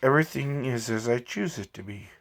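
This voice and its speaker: A man voicing a calm, cryptic, godlike young man who speaks in slow, grand declarations. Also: medium pitch, gravelly, close to an everyday voice.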